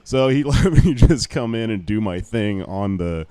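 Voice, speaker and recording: A man's voice: on the low side, animated, a little slow, warm tone, clear, resonant tone. A tired man, a comedian guest, telling a story in casual podcast chat, loose and profane with many fillers.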